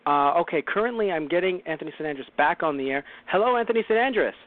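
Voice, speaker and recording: A man hosts a casual film review show from home, his voice sitting a bit high. He rambles, restarts and tosses in wry asides. The sound is thin and tinny, like a call-in line. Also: expressive, quick pace, dry recording. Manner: rambling, self-correcting, wry. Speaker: podcast host. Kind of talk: casual movie review chat.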